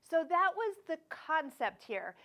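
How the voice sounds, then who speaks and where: A woman's voice: very high voice, big pitch swings, measured pace, bright, forceful tone. A woman hosting a sewing channel, telling a travel story in a chatty vlog, laughing often and acting out what people said. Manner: chatty, laughs often, acts out quoted voices.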